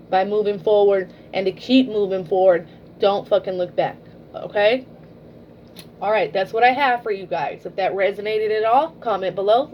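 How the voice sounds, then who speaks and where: A woman's voice: mid-range voice, dull audio, a little hiss or hum. A woman giving a casual tarot reading, blunt and swearing freely, often ending a point with "okay?". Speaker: tarot reader.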